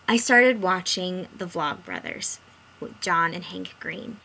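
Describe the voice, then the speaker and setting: A woman in her early twenties talking to camera in a casual vlog, chatty and animated, jumping between excited bursts and hushed asides. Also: on the low side, slow, creaky, a little hiss or hum, rough recording. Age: early 20s. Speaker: vlogger.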